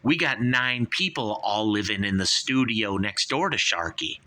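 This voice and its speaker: A man's voice: on the low side, animated, measured pace, sharp tone. A man from Southern California hosting a radio show, delivering a rambling, profane comedic rant.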